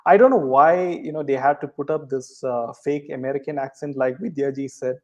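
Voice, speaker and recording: A man's voice: mid-range voice, fairly even intonation, a little fast, darkish tone, muffled recording. A man hosting a casual live chat, reading viewer comments, full of ums and uhs and often ending points with "right?". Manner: hesitant, many ums and uhs; rhetorical, ends points with "right?".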